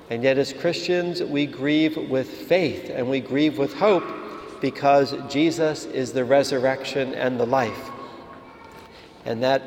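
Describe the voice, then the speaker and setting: A man, a priest, giving a calm, measured sermon in a church. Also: mid-range voice, slight background noise. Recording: reverberant hall with faint ambience.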